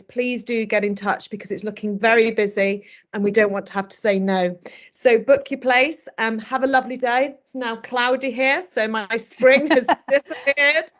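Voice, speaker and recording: British female host, slightly high, chatty, restarts words. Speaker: webinar host. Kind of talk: closing announcements.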